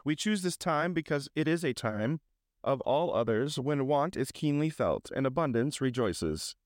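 A man reading a storybook and voicing a polite, formal, portly gentleman collecting for charity, in a dry recording. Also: medium pitch, lively intonation, normal speed, dry recording, close to an everyday voice.

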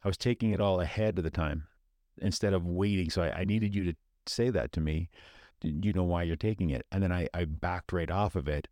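A man's voice: low-pitched, brisk, a little mellow, no echo, studio quality. An older retired man talking candidly in a casual chat, rambling and reflective, with frequent restarts.

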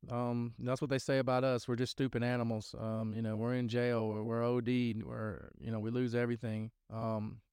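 A man's voice: mid-range voice, level tone, normal speed, hardly any pauses, a little mellow, clear, resonant tone, dry recording, clean studio sound. Rambling man telling a testimony. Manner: rambling storyteller, many fillers and restarts. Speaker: podcast host sharing testimony. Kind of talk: casual spoken testimony.

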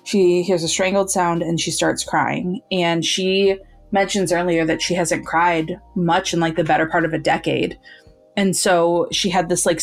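Low-voiced woman retelling a story animatedly. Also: creaky. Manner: animated storytelling, acting out characters' lines. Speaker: podcast co-host. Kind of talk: casual book-club chat.

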